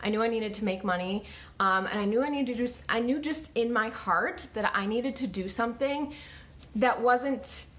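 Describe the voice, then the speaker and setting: A woman's voice: a little high, moderate pace, a bit bright. A woman in her thirties telling her own story to camera in a casual, conversational way, with many fillers. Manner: conversational, lots of "like" and restarts.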